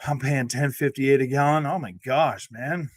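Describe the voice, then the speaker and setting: This young man's medium-pitched voice keeps a steady tone at a normal speed as he hosts a gaming channel. It's a casual livestream chat on a close desk mic with no room sound, full of rambling, "man," "dude," and plenty of laughs.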